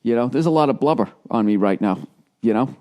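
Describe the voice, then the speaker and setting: A man's voice: medium pitch, lively intonation, brisk, dark tone. Profane ranting middle-aged man. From United States. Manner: profane, ranting, acts out quoted voices. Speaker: podcast host. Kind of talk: rambling comedic monologue.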